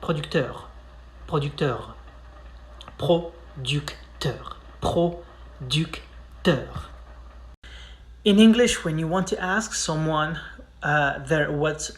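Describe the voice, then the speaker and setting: A man with a French accent teaching pronunciation casually, repeating words slowly for learners. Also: a little high.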